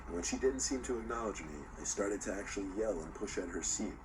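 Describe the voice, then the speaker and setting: Male narrator, very low voice, measured scripted storytelling; distant, noisy playback. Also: lively intonation. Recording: played back from a video, distant and noisy.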